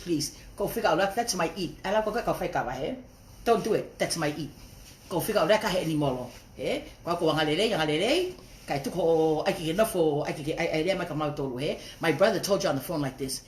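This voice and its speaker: A woman's voice: low voice, animated, brisk, a little hiss or hum. A woman ranting on a phone livestream, profane and confrontational, slipping between English and Tongan phrases. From raised outside Tonga. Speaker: social media livestreamer. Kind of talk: angry livestream rant. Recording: roomy echo.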